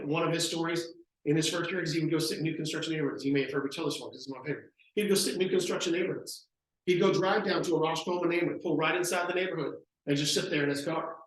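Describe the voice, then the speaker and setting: A man leading a real estate training talk, acting out sales pitches as he tells stories. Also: fairly bright tone. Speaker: real estate team leader. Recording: very echoey room.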